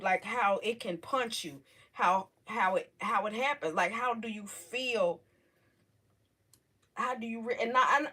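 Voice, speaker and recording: A middle-aged woman hosting a casual livestream, talking emotionally and haltingly to her viewers, close to tears. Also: on the high side, fairly bright tone. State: on the verge of tears. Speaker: livestream host.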